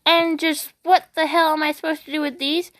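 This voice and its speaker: A woman's voice: sits high, little pitch movement, normal speed, fairly bright tone, pitched above the performer's own voice. A woman voicing an exasperated evil overlord who is indignant at the minions she was given, her outrage rising to a shriek. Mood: outraged.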